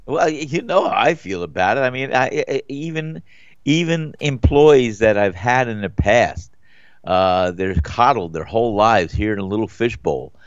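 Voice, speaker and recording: A man's voice: medium pitch, lively intonation, normal speed, smooth, no echo. A middle-aged man on a casual talk show, blunt and opinionated, rambling through his points. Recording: dry, dull lo-fi sound.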